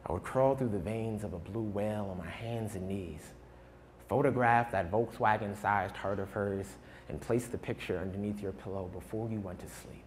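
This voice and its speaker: A young man from New York, a performance poet, chatting and joking with a live audience in a college hall, then reciting his own poem with rhythmic verse that swells and softens. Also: lowish voice, a little hiss or hum. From United States (New York). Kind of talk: live spoken-word poetry performance.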